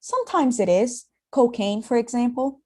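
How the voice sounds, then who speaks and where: A woman's voice: fairly high pitch, lively intonation, normal speed, mellow, voice pushed up. A woman reading the lines of a tired, ironic man talking on the phone late at night, in a dry, teasing way. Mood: weary.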